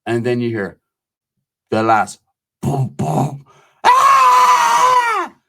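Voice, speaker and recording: A man's voice: medium pitch, slow pace, gravelly, heavy background noise. A man telling prison stories in casual, profane street talk, acting out the voices of the people in them. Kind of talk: casual storytelling.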